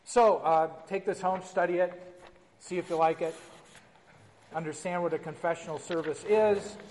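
Male pastor leading a class; high-pitched, conversational, reads liturgy with emphasis; slight hall reverb. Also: fairly even intonation, moderate pace, darkish tone, slight background noise. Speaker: pastor teaching a Bible class. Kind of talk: informal church class lecture with liturgy reading.

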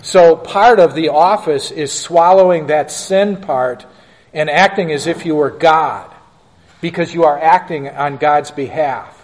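A man's voice: fairly high pitch, a little slow, big-room sound. A male pastor answering questions in a church class, emphatic and joking.

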